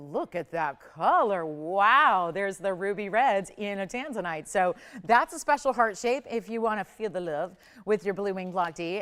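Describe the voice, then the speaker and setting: A woman hosting a live home shopping show, giving a chatty, upbeat sales pitch for jewelry from a TV studio. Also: smooth.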